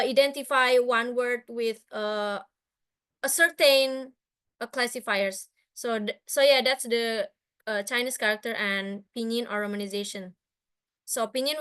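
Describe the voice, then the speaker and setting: A woman's voice: fairly high pitch, a bit bright, clear, resonant tone. Hesitant young woman with an Indonesian accent. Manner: hesitant, many fillers and restarts. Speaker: guest speaker. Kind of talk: online presentation with slides.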